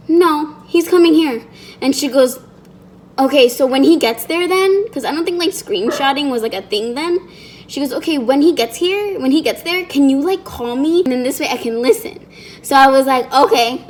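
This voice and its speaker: A woman's voice: sits high, a little hiss or hum. A young woman vlogger telling a personal story in a chatty way, acting out the quoted lines in other voices. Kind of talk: storytime vlog.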